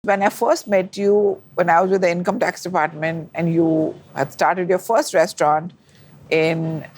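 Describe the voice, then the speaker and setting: A woman food critic, talking emphatically in a conversational interview, her pitch jumping up when she gets excited. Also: unhurried, slightly rough. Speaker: food critic and author, guest.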